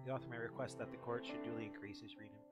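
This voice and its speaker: A man's voice: medium pitch, flat delivery, rapid-fire, loud music behind the voice. A man co-streaming a video game, chatting casually with dry, joking asides. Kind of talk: casual gaming chat.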